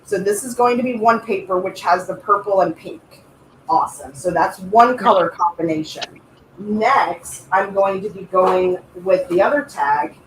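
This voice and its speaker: A woman's voice: medium pitch, moderate pace. A woman co-hosting a craft livestream, chatting casually and greeting viewers in a playful, sing-song way. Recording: echoey room with faint noise.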